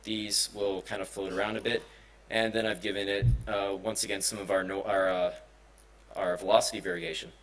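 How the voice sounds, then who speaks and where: Recorded with poor audio in a conference hall, this man speaks at normal speed in a lowish voice with little pitch movement. His technical presentation covers simulation and music, delivered casually with lots of fillers and restarts.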